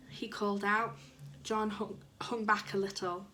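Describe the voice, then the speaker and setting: A woman reading a children's book aloud to young listeners, animated and expressive. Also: mid-range voice, a little slow, slight background noise.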